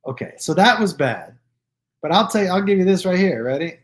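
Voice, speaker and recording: A man hosting his own live stream, telling stories casually to viewers and acting out the people in them with loose, profane, animated delivery. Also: sits high, a little fast. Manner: animated, acts out quoted dialogue with "I go" and "he goes"; loose and profane, with restarts and fillers.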